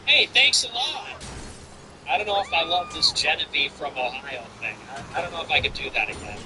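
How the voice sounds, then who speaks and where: A man's voice: on the high side, wildly swooping pitch, normal speed, background noise. A man hosting a livestream, chatting casually and ranting bluntly with frequent profanity. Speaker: livestream host.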